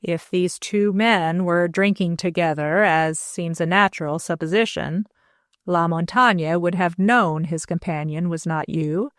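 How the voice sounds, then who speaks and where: A steady, reasoning gentleman, as a woman narrator voices him, weighing each point deliberately. His tone stays measured and even. The reading is close and dry. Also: lowish voice, dry recording.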